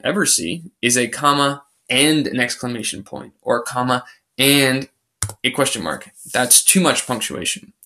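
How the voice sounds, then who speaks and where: A male teacher talks through a grammar lesson in a screencast, recorded on a computer microphone. His voice is bright and forward, set at an ordinary middle pitch. He explains patiently, restating each rule as he goes. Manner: patient, explanatory, recapping rules step by step.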